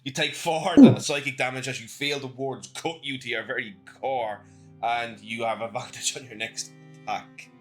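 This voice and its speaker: A man running a tabletop game as game master, narrating and giving calm, matter-of-fact rulings. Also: mid-range voice, normal speed, faint music behind.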